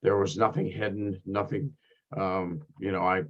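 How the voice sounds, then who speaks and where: Hoarse man on a dull call line. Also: sits low, level tone, normal speed. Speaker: workgroup member. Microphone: video call.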